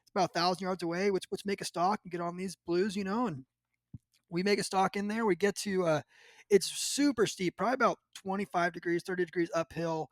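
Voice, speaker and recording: A male podcast host telling a hunting story in casual chat, animated and acting out what people said, often laughing. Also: sits high, fairly quick, no echo.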